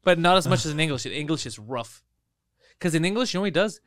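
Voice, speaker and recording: Casting: male podcast co-host, raised pitch, dry close mic, swears freely while spinning anecdotes. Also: animated, quick pace, fairly bright tone, no echo. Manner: profane storytelling, acts out quotes. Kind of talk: casual comedic chat.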